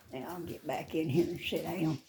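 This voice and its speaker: An older woman chatting casually into her phone, rambling and calling to cats in a high sing-song. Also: mellow, slight background noise. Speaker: vlogger. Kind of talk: casual chat. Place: outdoors by a front door, then back indoors. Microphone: phone held in hand.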